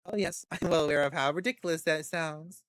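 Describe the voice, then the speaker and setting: A game streamer reading the lines of a poised, persuasive female vampire patron aloud in a dry, close recording, measured and coolly confident. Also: medium pitch, steady tone, a bit bright, no echo, lightly acted.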